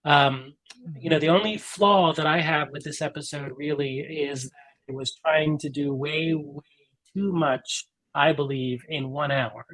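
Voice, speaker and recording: Enthusiastic rambling man, higher voice. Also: fairly even intonation, measured pace, fairly bright tone, poor audio. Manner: enthusiastic, rambling with many ums. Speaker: podcast guest. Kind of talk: casual chat. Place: upstairs room in his mother's house.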